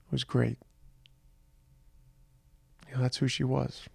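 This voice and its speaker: A man hosting a podcast, talking slowly and reflectively in a tired, halting personal monologue. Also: mid-range voice, flat delivery, gravelly, darkish tone, husky, no echo. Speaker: podcast host.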